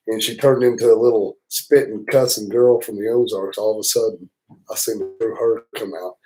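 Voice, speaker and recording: Hosting a livestream for his motorcycle travel channel, this man with a Southern US accent rambles through casual stories laced with profanity and teasing. His voice is mid-range and darkish. The recording is rough.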